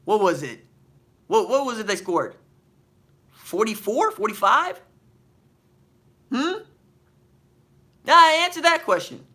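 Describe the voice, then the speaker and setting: Guy hosting a live stream, bright voice, slangy and animated, reads the chat out and fires back questions. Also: sits high, slow, long pauses. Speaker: podcast host.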